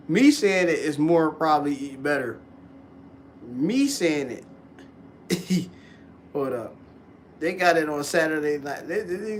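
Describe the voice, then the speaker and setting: A man's voice: medium pitch, slight background noise. Slangy man rambling on a live stream. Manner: loose slangy talk, laughs often. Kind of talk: casual rambling commentary.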